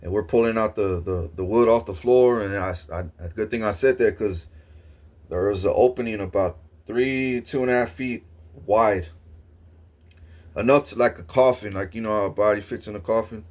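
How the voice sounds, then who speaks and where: A man vlogger telling a story in a casual, rambling and excitable way, swearing often. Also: lowish voice, moderate pace.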